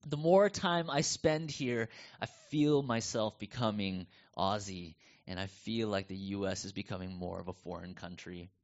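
This pastor from the United States is a middle-aged man with a North American accent who tells lively stories in a conversational sermon. He speaks at a fairly low pitch and a moderate pace, with few pauses, over dull lo-fi audio.

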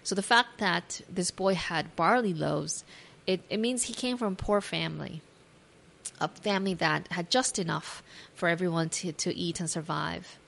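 A woman with a slightly low voice tells a Bible story as a devotional talk. She reads scripture aloud and then imagines the scene in her own words, adding gentle asides to the listener. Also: normal speed, gravelly. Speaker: devotional speaker.

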